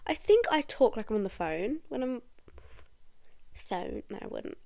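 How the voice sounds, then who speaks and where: A woman's voice: fairly high pitch, sing-song, a little slow, vocal fry, mellow. A young British woman with a nasal voice and a slight American twang, chatting and rambling casually on her solo podcast. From Britain. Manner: rambling, chatty, full of fillers. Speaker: podcast host.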